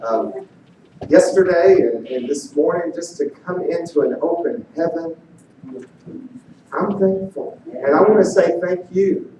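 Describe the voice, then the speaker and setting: A high-pitched male evangelist who speaks with an unhurried, deliberate pace and becomes loud and animated. He is heard from a distance in a very echoey church hall, with worship music playing behind him. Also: slight background noise. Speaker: visiting evangelist. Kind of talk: church sermon and worship singing. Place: large church sanctuary. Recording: echoey hall picked up from far off.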